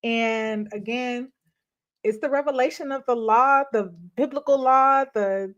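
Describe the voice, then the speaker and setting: Lively talkative woman, fairly high voice. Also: measured pace, muffled recording. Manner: animated storytelling, laughing often, addressing viewers as y'all. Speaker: ministry host. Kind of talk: casual live-stream testimony.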